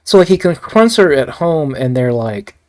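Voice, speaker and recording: A man's voice: on the high side, sing-song, moderate pace, a little mellow. A man rambling casually through a film review, swearing often and breaking off into asides. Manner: rambling, profane, frequent restarts and asides.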